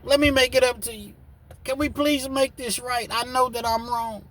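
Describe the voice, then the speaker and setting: Pleading, tearful wife, high and strained, a man doing her. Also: flat delivery, brisk. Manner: pleading, sobbing apologies. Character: desperate, tearful middle-aged wife begging forgiveness.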